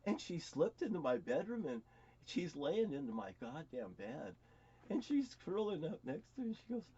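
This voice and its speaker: A man's voice: on the high side, big pitch swings, moderate pace, dark tone, breathy edge, highs cut off. A middle-aged man telling personal stories in a rambling, profane vlog monologue, stammering and repeating words. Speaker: vlogger.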